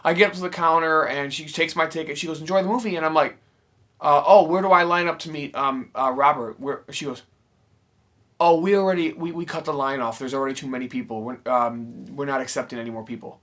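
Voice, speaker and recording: A man's voice: on the high side, a little fast, fairly bright tone. A man hosting his own channel, telling a story to camera in casual talk, swearing freely and acting out the people he quotes. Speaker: YouTube channel host answering viewer questions.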